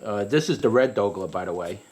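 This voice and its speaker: A man giving a casual, rambling review of a hot pepper, often restarting his sentences and climbing higher when he retells a story. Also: animated, a little fast, a little mellow.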